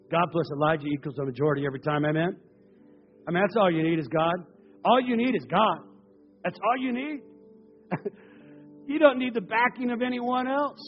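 A man preaching a sermon, telling stories in an animated way that swings between loud passages and hushed ones. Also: high-pitched, long reverb tail, highs cut off.

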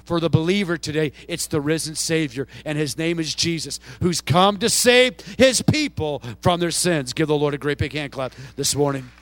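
A middle-aged man preaching a sermon as pastor, swinging between soft and loud with passion. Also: a little high, expressive, normal speed, few pauses.

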